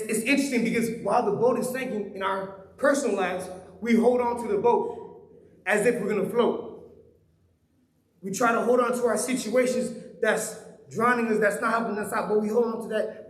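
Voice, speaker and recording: A man's voice: sits high, reverberant, low-quality recording. A man preaching a sermon in a conversational way, asking his listeners question after question. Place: church hall.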